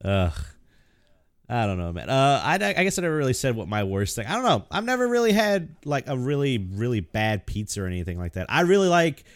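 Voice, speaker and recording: A young man co-hosting a podcast tells animated stories in casual chat, swearing often and laughing a lot. His mid-range voice moves briskly, and the studio-quality sound has no echo.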